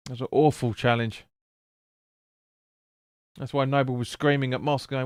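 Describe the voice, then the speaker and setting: Man, football watch-along streamer, blunt and sweary, smooth clear voice, dry close sound. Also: mid-range voice, level tone, unhurried, dry recording. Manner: blunt, sweary, chatty with viewers. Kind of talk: live match commentary and chat reading.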